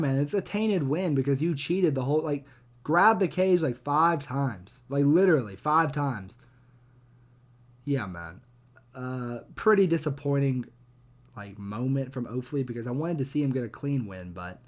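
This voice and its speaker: A young man riffing through a casual reaction commentary, blunt and loose with plenty of swearing. His voice sits a bit higher than most men's, and he rambles and chuckles between points. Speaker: reaction video host.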